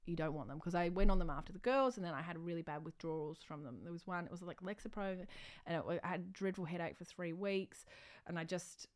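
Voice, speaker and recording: A woman's voice: on the low side, fast talker. A woman comedian chatting casually in an interview, telling self-mocking stories and laughing often. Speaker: comedian guest.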